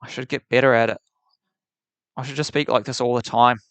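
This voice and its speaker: Putting on a New Zealand accent, a male streamer fires back at chat with opinionated takes, tripping into repeated words and restarts. His mid-range voice is brisk, smooth, steady in tone, and a bit bright, with no room sound.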